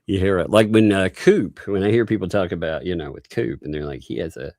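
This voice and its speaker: Low-voiced chuckling New man. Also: a little fast, a little mellow, dry recording, studio quality. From the Bronx. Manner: laughs often, chuckling asides. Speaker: host. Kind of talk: casual live-stream chat.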